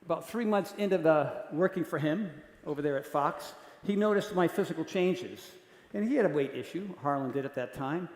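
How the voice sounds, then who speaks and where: A man giving a talk to an audience, telling jokey stories in an animated way and acting out voices. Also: on the high side, moderate pace. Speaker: keynote speaker. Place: large conference hall. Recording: echoey hall with long reverb.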